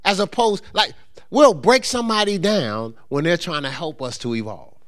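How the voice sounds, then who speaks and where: A man pastor preaching a sermon, acting out quoted voices and slipping into a quiet storytelling tone for a personal story. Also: moderate pace. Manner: animated preaching with rising emphasis and quoted voices; drops into a low, soft storytelling voice.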